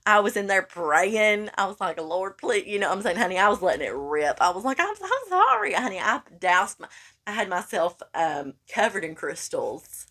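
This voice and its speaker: Woman podcaster, lower register, animated casual storyteller who keeps saying "honey.". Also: normal speed. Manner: animated, acts out quoted lines, calls listener honey. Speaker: podcast co-host.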